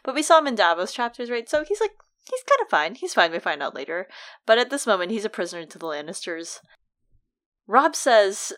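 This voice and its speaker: A woman's voice: medium pitch, big pitch swings, fairly quick, a bit bright. A young woman co-hosting a casual book discussion podcast, chatty and laughing often as she acts out lines from the story. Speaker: podcast co-host.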